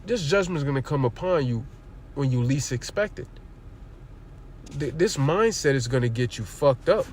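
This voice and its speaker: A man's voice: medium pitch, animated, moderate pace, a little mellow, slight background noise. Blunt, profane livestream preacher man. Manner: reads verses aloud, then explains them bluntly with profanity and rhetorical questions. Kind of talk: streamed scripture lesson.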